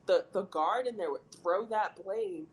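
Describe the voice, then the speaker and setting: Young woman, podcast storyteller, animated, filler-heavy, casual chat. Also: medium pitch, measured pace, low-quality recording. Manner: animated, lots of "like", acts out quoted voices.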